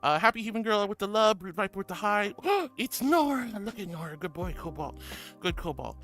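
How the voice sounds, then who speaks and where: A woman's voice: mid-range voice, fast talker, fairly bright tone, faint music behind. A woman VTuber streamer in casual live-stream chat, playful and affectionate, giggling as she greets viewers and reads their messages aloud.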